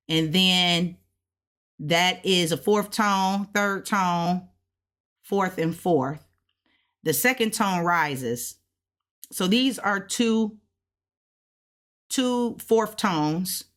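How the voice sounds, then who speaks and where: Slow, thoughtful woman thinking aloud. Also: lowish voice, animated, a bit bright. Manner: slow, thinking aloud, repeats and sounds out words. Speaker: language learner teaching what she studies. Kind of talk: casual self-taught language lesson.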